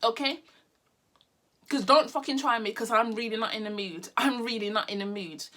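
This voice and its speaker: A young woman vlogger from the United Kingdom angrily rants to camera, blunt, sarcastic and swearing plenty as she airs her heated opinions. Her voice is a little high and a bit bright, at normal speed.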